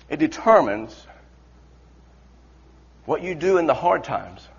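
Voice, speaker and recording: High-voiced impassioned man preaching. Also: slightly rough. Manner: impassioned, repetitive, stammering restarts. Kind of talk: sermon. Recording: dull lo-fi recording.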